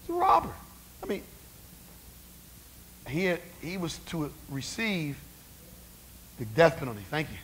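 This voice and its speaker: Male preacher with a high voice, conversational sermon delivery, peppers the congregation with rhetorical questions. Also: huge pitch swings, measured pace, pauses often, a bit bright, a little hiss or hum.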